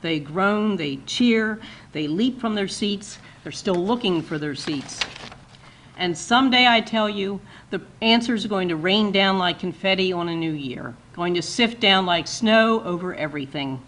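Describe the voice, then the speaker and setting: Woman reading her poem at a launch party, measured rhythm, voice sinks at line ends, mid pitch. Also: fairly bright tone, a little hiss or hum, rough recording. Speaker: poet reading her work. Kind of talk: poetry reading.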